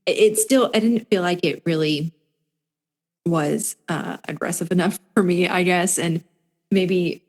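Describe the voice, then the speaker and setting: A woman's voice: fairly low pitch, unhurried, a little mellow. A woman guest on a podcast, talking reflectively and hesitantly with many filler words. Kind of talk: casual conversation. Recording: long reverb.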